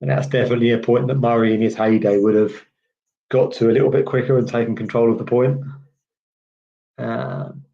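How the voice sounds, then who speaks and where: A man's voice: mid-range voice, steady tone, a little fast, vocal fry, warm tone. A man from the UK doing casual live tennis commentary, chatty and rambling as he answers viewer chat with lots of "um"s. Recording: slightly dull lo-fi stream audio.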